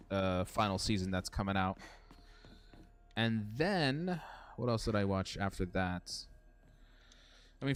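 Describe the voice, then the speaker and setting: A young man streaming a horror game, chatting casually, swearing and answering his chat. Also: medium pitch. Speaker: gaming streamer. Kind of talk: casual let's-play commentary.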